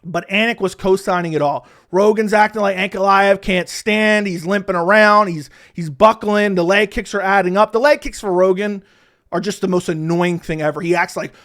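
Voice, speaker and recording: An MMA commentator with a high-pitched, slightly bright voice speaks at a normal pace in a solo rant about a fight card. Heated and opinionated, he goes after the broadcasters and mimics others in whiny tones.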